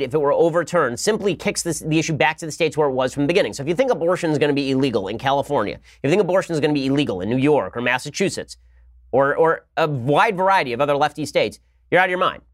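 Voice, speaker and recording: A man's voice: fairly high pitch, no room sound, studio quality. A man hosting a political commentary show, delivering a combative monologue in a sarcastic, mocking manner.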